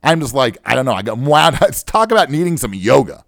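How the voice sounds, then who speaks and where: A man's voice: mid-range voice, fairly quick, vocal fry, dry recording, studio quality. A middle-aged man hosting a casual solo radio talk show about money, digressive and joking, saying he is wound up. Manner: animated, digressive, joking, self-described wound up. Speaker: radio show host, financial adviser. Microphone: studio microphone.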